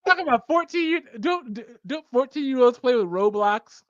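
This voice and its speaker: A man's voice: extremely high pitch, expressive, normal speed, a bit bright, no room sound, muffled recording. A man co-hosting a casual chat, joking crudely, swearing and laughing often. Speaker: co-host.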